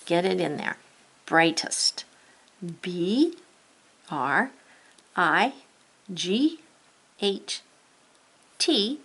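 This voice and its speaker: A woman leads a spelling lesson at an unhurried pace, sounding out words and spelling them letter by letter. Her voice is bright and clear, and she coaxes the learner along patiently. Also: fairly low pitch. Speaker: spelling teacher. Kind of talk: slow, encouraging spelling lesson.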